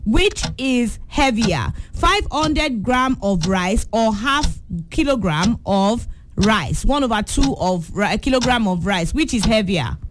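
A woman hosting a children's call-in radio quiz, brisk and encouraging, repeating each question for the young callers. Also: on the high side, animated, noisy background. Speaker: radio quiz show host.

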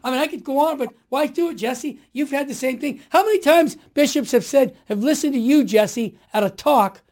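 A man in his sixties telling stories as an interview guest, emphatic and animated, building to forceful declarations. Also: very high voice, normal speed. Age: 60s. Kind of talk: impassioned conversational storytelling.

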